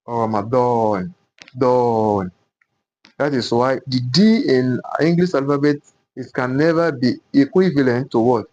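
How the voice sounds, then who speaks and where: A man's voice: medium pitch, dark tone, highs cut off. A man teaching a Qur'an pronunciation lesson at a board, repeating each letter sound several times and often asking himself "what?" before giving the answer. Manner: slow, repetitive, drills each sound aloud; asks rhetorical "what?" questions. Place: classroom with a board.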